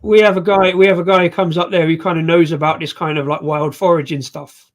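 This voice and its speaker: A man hosts a live beer review stream, talking in a casual, jokey way. His voice sits a little high. He rambles and restarts his sentences. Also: flat delivery, brisk. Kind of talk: casual chat.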